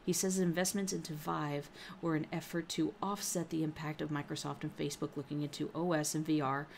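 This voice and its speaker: A woman with a fairly low voice co-hosts a casual gaming podcast, reading news stories aloud. She stumbles over words and laughs at her own slips. A faint hiss of noise sits under the recording. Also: level tone, a little fast, gravelly.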